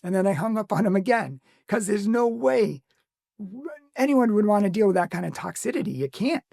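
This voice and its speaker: A man's voice: high voice, animated, fairly quick, creaky, darkish tone, no room sound, clean studio sound. A man from a Catholic ministry casually recounting a phone call, with small laughs and quoted lines. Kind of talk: casual storytelling to camera.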